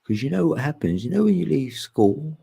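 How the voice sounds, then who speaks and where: Man, podcast host, casual spiritual chat, laughs a lot, husky, dark tone. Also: fairly high pitch, big pitch swings, brisk. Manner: laid-back, laughs often, slangy, acts out quoted voices.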